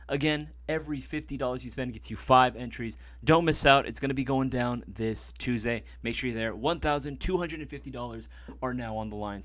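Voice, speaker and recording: Fast-talking animated male stream host. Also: mid-range voice, no echo. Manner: animated storyteller, swears freely. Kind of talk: casual livestream chat.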